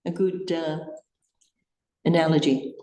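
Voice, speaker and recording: Mellow-voiced woman in an echoey hall. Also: deep voice, fairly even intonation. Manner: curious, chatty, quick to agree and ask questions. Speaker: meditation podcast co-host. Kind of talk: casual spiritual discussion.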